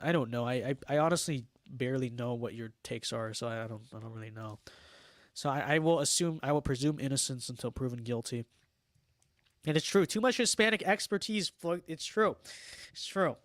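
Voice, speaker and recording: Here the Los Angeles streamer's voice is mid-range and a bit bright, moving at a fairly quick clip. He reads viewers' chat messages on his casual livestream and responds wryly, with sarcasm and playful bragging, over a recording with no room sound.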